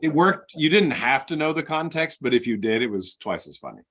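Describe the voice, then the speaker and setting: Give me a mid-pitched man chatting with wry humor as an author guest. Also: animated, a little fast, a bit bright. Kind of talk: casual chat.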